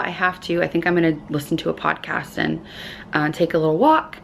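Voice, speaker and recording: Low gravelly woman vlogging chattily. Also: slight background noise. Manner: chatty, filler-heavy, upbeat. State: losing her voice. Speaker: lifestyle vlogger. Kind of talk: casual vlog chat. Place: hotel room.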